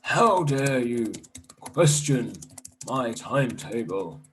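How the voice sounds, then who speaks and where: A man's voice: mid-range voice, lively intonation, slow, fairly bright tone, a little hiss or hum. A man voicing a cruel, angry supply teacher who barks his words in a children's story. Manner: barking, angry.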